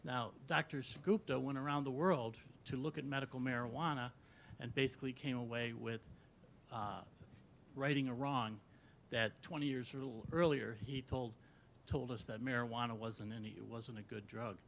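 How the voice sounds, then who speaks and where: Gravelly man speaking haltingly at a meeting. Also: medium pitch, steady tone, slight background noise. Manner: halting, trailing off softly. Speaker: audience member giving public comment. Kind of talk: public comment at a meeting. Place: meeting hall.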